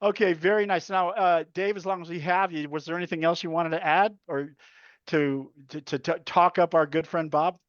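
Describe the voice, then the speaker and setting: Male live-show host, high voice, friendly prompting, dull lo-fi audio. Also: fairly even intonation, normal speed. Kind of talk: casual live chat.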